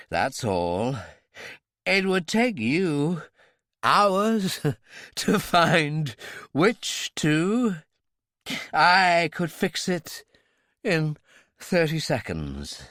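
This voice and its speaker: A male narrator puts on a merciless hero bent over his captive. He speaks slowly and quietly, with chilling calm and lively pitch, recorded dry and close. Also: no echo, heavily acted. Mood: cold menace. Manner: quiet, implacable, menacing. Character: cold, ruthless male hero interrogating a captive.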